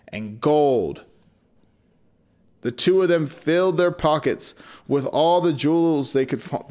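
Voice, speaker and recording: A man's voice: mid-range voice, darkish tone. A man reading a fairy tale aloud with an irreverent, sarcastic manner, breaking off for profane asides. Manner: irreverent, sarcastic, swears freely. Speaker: storyteller.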